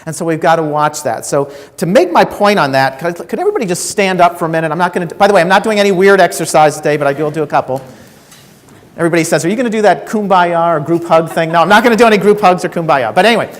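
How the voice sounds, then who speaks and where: A man with a slightly high voice gives a keynote talk to a room of sales professionals. He tells stories, acts out the people in them and keeps asking the audience questions. The sound carries the long reverb of a conference hall. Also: lively intonation, fast talker. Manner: storytelling, asks the audience questions, acts out quotes. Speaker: keynote speaker.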